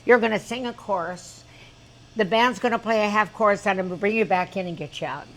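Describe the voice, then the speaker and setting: A man's voice: high voice, brisk, a bit bright, a little hiss or hum. A woman putting on the voice of an older male bandleader who says every B as a P, in a folksy announcer's cadence.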